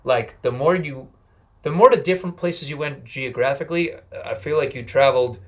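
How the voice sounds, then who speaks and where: Brief: young male host, mid-pitched voice, eager, chatty, filler-heavy. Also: fairly quick. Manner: enthusiastic, loose and chatty with many fillers. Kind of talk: casual conversation.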